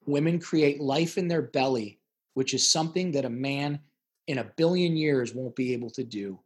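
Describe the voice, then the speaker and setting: A man's voice: medium pitch, moderate pace, slightly rough. A middle-aged man as a podcast guest, talking intensely and emphatically about hard experiences, often repeating words as he gets worked up. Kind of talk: emotional interview talk.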